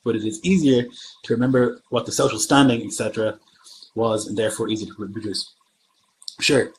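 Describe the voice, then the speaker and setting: A man's voice: on the low side, steady tone, fairly quick, a little hiss or hum, poor audio. A man from Germany who runs tabletop games, chatting casually on a livestream and thinking aloud as he answers viewer comments. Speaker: game master.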